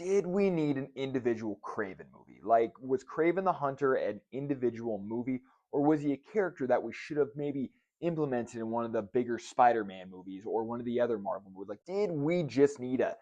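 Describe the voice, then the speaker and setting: A man's voice: medium pitch, mellow, no echo, highs cut off. A young man hosting a casual vlog, reviewing a movie and a cocktail with candid, sarcastic asides and frequent swearing. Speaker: host.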